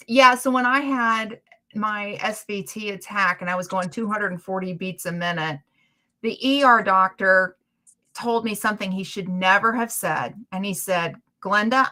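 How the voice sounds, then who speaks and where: Woman, bright clear voice, chatty storyteller, casual livestream host. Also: mid-range voice. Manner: chatty storytelling, animated retellings. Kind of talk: casual chat.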